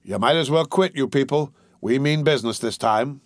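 A man's voice: mid-range voice, moderate pace, dry recording, studio quality, lightly acted. Man voicing a stern police officer. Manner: stern, ordering. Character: gruff male police officer, commanding.

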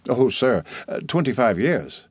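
A man's voice: mid-range voice, sing-song, unhurried, darkish tone, husky, no echo, pitched above the performer's own voice. A man voicing a humble middle-aged telegraph keeper who is earnest, timid and respectful, in an audiobook reading. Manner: eager, anxious, respectful.

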